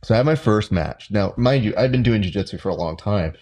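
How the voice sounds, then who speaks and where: A man's voice: lowish voice, animated, fast talker, a little mellow. A middle-aged man hosting, telling a story in casual conversation with dry, self-deprecating humor. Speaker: podcast host.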